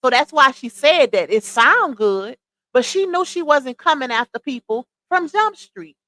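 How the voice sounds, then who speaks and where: Sassy high-voiced woman streamer. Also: expressive, a little slow, sharp tone, low-quality recording. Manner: sassy, incredulous, addresses viewers as y'all and baby. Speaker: live stream commentary host. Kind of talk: casual livestream commentary.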